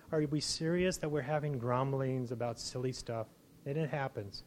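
A man giving an informal sermon to his church, conversational, with frequent restarts and animated exclamations. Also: mid-range voice, brisk. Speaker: preacher.

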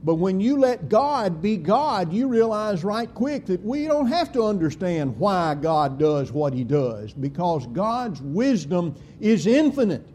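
Man, preacher, sermon, slow deliberate delivery, mellow tone. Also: lively intonation, slight background noise. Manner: slow, deliberate preaching with emphatic swings in pitch and volume.

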